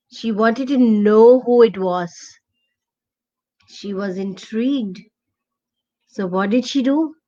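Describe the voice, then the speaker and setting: Woman storyteller, expressive children's tale, slow delivery, muffled lo-fi audio. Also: sits high. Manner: expressive, asks the listener questions. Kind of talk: children's story read-aloud.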